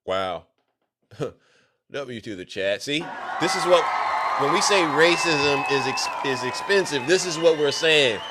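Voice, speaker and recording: A man streaming live reaction commentary, mocking and animated with frequent exclamations. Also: fairly high pitch, unhurried, a loud crowd, heavy background noise.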